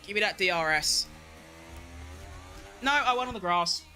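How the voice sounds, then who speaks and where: Excitable high-voiced man gaming. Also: moderate pace, soft background music. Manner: excitable, talks to himself, self-mocking. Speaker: gaming streamer. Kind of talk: live racing-game commentary.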